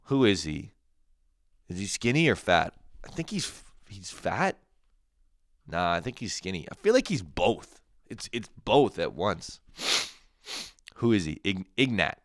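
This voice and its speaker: A young man hosting a crude solo comedy podcast, swearing freely, laughing at his own jokes and jumping into loud mock quotes. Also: deep voice, big pitch swings, unhurried, long pauses, no room sound, studio quality. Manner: profane, laughing, shifts into shouted mock quotes.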